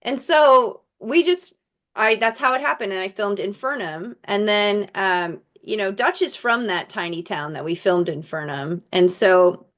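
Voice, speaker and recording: Animated woman telling stories on a call. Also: mid-range voice, unhurried. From Michigan. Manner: animated storyteller, acts out quoted dialogue. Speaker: actress guest. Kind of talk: casual interview chat. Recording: muffled lo-fi audio.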